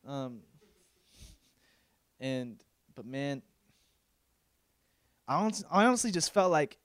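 A young male pastor preaching a casual, emotional sermon, moving from loud pleading to quiet confiding, with slang in his talk. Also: fairly high pitch, lively intonation, unhurried, pauses often, dry recording. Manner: casual, uses slang like bro.

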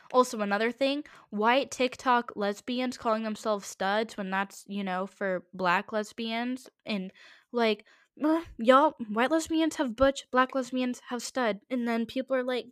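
A teenage girl hosting a solo podcast, ranting quickly and in exasperation, with many asides. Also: fairly high pitch, a bit bright, dry recording, clean studio sound. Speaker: podcast host.

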